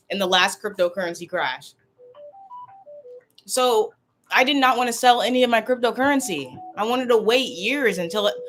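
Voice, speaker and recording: A woman's voice: fairly high pitch, sharp tone. A woman vlogger talking casually and tearfully to a livestream, upset and rambling, often repeating herself.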